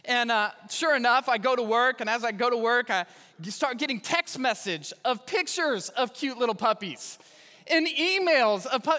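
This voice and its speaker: A man's voice: high-pitched, expressive, normal speed, bright, forceful tone. A male pastor giving a sermon with stories and self-deprecating humor, speaking in a large church hall. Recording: reverberant hall.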